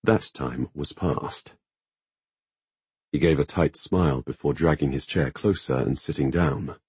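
A man narrating a fantasy audiobook in a steady, even reading. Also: a bass voice, unhurried, slightly rough, no echo.

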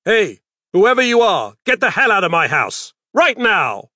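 A frightened father yelling in panic and anger, put on by a male storyteller. His voice leaps well above a normal speaking pitch and pushes loud. The sound is dry and close, with no room around it. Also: wildly swooping pitch, moderate pace, gravelly, slightly rough, no echo, heavily acted. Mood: angry. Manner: shouting, panicked.

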